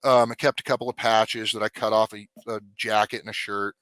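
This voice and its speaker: A man tells a story from his police days in a blunt, profane and animated way. His voice is bright and forceful. The sound is close and dry. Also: lowish voice, fairly quick, no room sound. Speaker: guest, former police officer. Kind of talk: casual storytelling.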